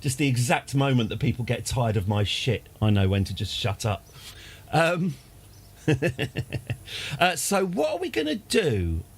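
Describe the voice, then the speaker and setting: Husky man, rambling streamer. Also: medium pitch, sing-song, a little slow. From United Kingdom. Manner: chatty, self-deprecating, prone to rants and restarts. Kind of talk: rambling live game commentary.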